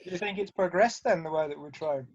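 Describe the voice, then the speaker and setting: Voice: medium pitch, quick pace. An interviewer on a video call, whose voice comes through slightly muffled and lo-fi. The questions come out hesitantly, padded with uhs and small restarts. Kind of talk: casual online Q&A.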